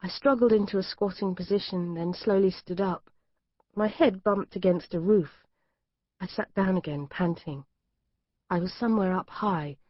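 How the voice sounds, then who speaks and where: Reading at normal speed in a mid-range voice, a female audiobook narrator delivers a scripted thriller in tense first-person. She's recorded in a dry, slightly dull studio with no room sound.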